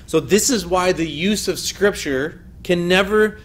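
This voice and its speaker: A man's voice: high voice, unhurried. A man teaching a lesson on biblical counseling in an earnest, emphatic way, often quoting scripture. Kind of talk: recorded teaching lecture.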